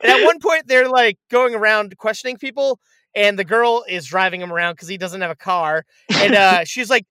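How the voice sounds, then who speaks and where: A man in casual chat, retelling a movie with lively acted-out quotes and frequent swearing. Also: sits high, brisk, smooth, no echo. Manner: animated storyteller, acts out quotes, swears freely. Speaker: podcast co-host reviewing a movie.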